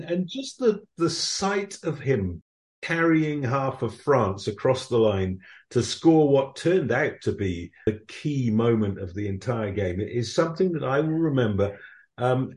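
A man's voice: medium pitch, a little mellow, reverberant. A man, a rugby correspondent, answering interview questions in a reflective, anecdotal way, with many ums and restarts.

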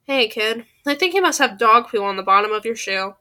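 A woman's voice: a little high, expressive, brisk, sharp tone. A woman voicing a huge, lovesick teenage football boy who talks earnestly in casual slang. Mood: subdued.

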